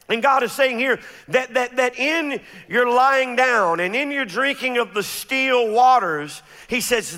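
Pastor guy preaching, high bright voice, stammers on restarts, big echoey hall. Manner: preaching with repeated stammered restarts and drawn-out scripture readings. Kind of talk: sermon.

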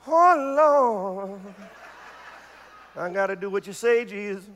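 A middle-aged man, a pastor preaching a sermon to a congregation, repeating phrases and shouting the climaxes. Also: sits high, expressive, slow pace, big-room sound. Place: church before a congregation.

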